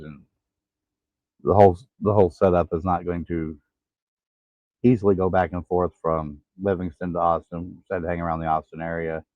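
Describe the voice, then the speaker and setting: A man in his forties telling his own story in a halting, tired way, pausing to catch his breath. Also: sits low, no echo. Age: 40s. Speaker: vlogger. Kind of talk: casual personal vlog. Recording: tinny phone-like sound.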